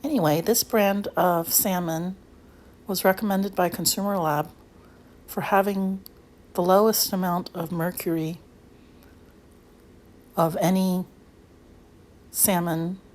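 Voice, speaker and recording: A woman's voice: lowish voice, fairly even intonation, slow pace, pauses often, a little mellow. A woman talking casually over a home recipe video, chatty and self-deprecating, with little asides. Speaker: home cook vlogger.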